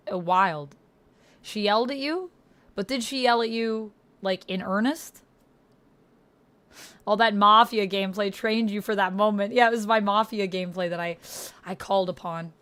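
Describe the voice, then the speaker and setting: A chatty woman streamer talking through a live game session, thinking out loud and reacting to her viewers. Her voice sits in an ordinary middle pitch, relaxed and conversational. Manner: chatty, wonders aloud, answers chat. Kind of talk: gaming livestream commentary.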